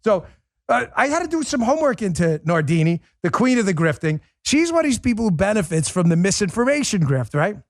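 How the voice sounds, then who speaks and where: Casual: sarcastic guy hosting a political talk show, kinda high voice, dry studio sound. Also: a little fast, dry recording. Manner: sarcastic, mocking; animated, swings pitch when mimicking. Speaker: host.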